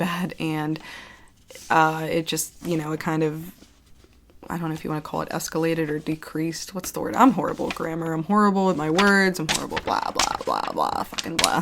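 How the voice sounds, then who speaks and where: A woman vlogger talks straight to her viewers in a loose, confessional way, sentences trailing off and restarting around a steady stream of "like." Her voice sits on the lower side for a woman, and she swings from bright, laughing bursts to quieter, heavier stretches, dropping casual curses along the way. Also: slight background noise. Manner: rambling, heavy use of "like", swears casually; expressive, jumps between laughing and subdued. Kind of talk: casual confessional chat to camera.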